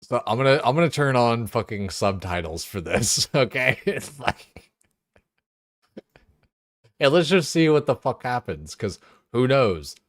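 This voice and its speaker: A man's voice: mid-range voice, very animated, a little slow, long pauses, no room sound, clean studio sound. A young man chatting casually and profanely on a game stream, laughing often. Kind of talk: casual live-stream chat.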